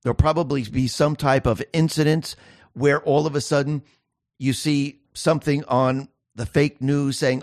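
A man's voice: a little high, fairly even intonation, moderate pace, darkish tone, dry recording, studio quality. A man hosting a political commentary show, speaking in an emphatic monologue full of repetition and rhetorical questions. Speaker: show host.

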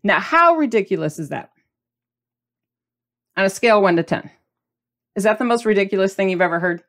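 A woman hosting a podcast in a casual, animated and emphatic monologue. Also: medium pitch, a little fast. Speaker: podcast host.

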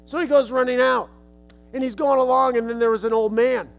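A man's voice: very high-pitched, steady tone, brisk, creaky, faint music behind. A male preacher telling a children's story as a sermon illustration in a casual, folksy way.

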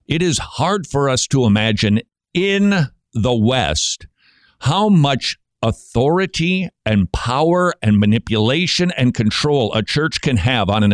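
A man hosting a Christian radio show, giving sarcastic commentary and breaking into mocking shouted impressions. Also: mid-range voice, no echo, studio quality.

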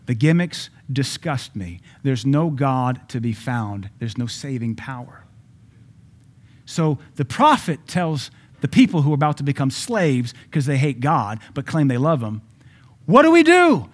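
A man preaching a sermon, dropping to quiet asides and then building to loud peaks, reading scripture slowly with emphasis. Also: medium pitch, animated. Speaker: pastor.

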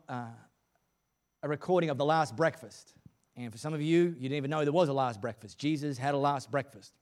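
A man's voice: medium pitch, a little mellow. A male pastor preaching a sermon at a church service in a casual, joking, conversational way.

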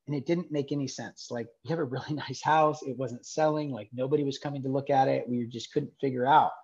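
A man's voice: mid-range voice, fairly even intonation, a little fast, a little mellow. Man, nonprofit founder, earnest, rambling with fillers, slightly dull muffled sound. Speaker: nonprofit founder telling his story. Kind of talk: personal storytelling in a conversation.

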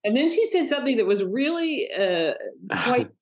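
A middle-aged woman, a guest author, telling personal stories in an interview and acting out the voices of people she quotes. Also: moderate pace. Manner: animated, acts out quoted voices in a high pitch. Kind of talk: storytelling interview talk.

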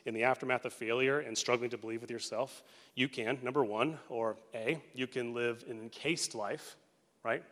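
Man in his thirties, pastor, casual lively sermon, reverberant church hall. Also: mid-range voice. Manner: casual, animated preaching with quick acted quotes. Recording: long reverb of a large hall.

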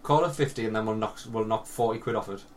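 A man's voice: on the low side, quick pace, slight background noise. Sweary man in his thirties hosting. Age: 30s. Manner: sweary, joking, bursts into loud laughter. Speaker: podcast host. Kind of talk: casual podcast chat.

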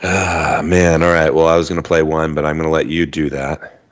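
A man with a remarkably deep, low voice chats casually as a podcast co-host. His talk is loose, profane and quick to get excited, joining the others over a remote call. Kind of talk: casual chat.

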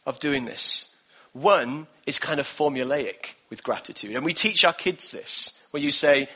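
A man's voice: mid-range voice, sharp tone, husky. A man in his thirties preaching a sermon in an earnest, encouraging way, with repeated phrases. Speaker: pastor.

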